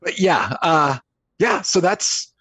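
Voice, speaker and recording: A young man telling personal stories on a casual podcast, lively and quick, acting out the people he quotes. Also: on the high side, slightly rough, no room sound. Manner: animated storyteller, quick, acts out quotes. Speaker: podcast guest. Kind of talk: casual storytelling chat.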